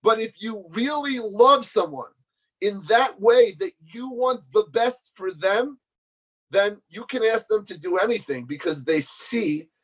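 Animated man giving a Torah talk. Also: sits high. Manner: animated storyteller, voice leaping up when acting out questions. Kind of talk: Torah lecture with stories.

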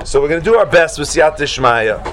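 A man teaching a Talmud class to students, animated, acting out shocked exclamations and talking casually with many fillers. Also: on the high side, brisk, a little hiss or hum.

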